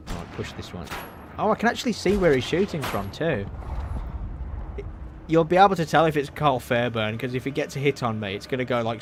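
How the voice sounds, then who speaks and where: Male streamer, mid-pitched, loose reactive play-along commentary, swears a lot, faint noise in the recording. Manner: excitable, swearing, quick reactions and laughs. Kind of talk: live gameplay commentary.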